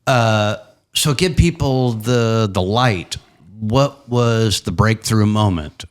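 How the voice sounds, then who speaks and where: A man's voice: on the low side, slow pace, smooth. A man hosting a podcast interview, encouraging and enthusiastic. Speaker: podcast host. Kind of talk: casual interview chat.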